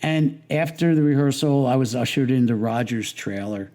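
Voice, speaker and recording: A man's voice: medium pitch, moderate pace, a little mellow. Older man telling rambling stories. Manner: rambling, self-interrupting, amused. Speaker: interview guest. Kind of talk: casual storytelling interview.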